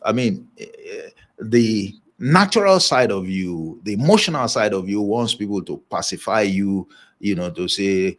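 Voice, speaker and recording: A man's voice: lowish voice, lively intonation, moderate pace. A man giving a motivational leadership talk, stressing points by repeating phrases and chuckling now and then. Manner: emphatic preaching delivery with chuckles. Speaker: leadership speaker.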